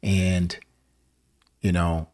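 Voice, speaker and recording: Low-voiced laid-back Southern-raised man. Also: flat delivery, very slow, a little mellow. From Southern United States. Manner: rambling, filler-heavy, laughs often. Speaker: music reaction host. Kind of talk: casual reaction chat.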